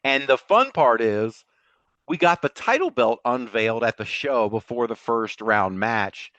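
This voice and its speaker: A man co-hosting a podcast, recapping a show in a casual, animated storytelling way and laughing often. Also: medium pitch, unhurried, no room sound, lo-fi sound. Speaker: podcast co-host.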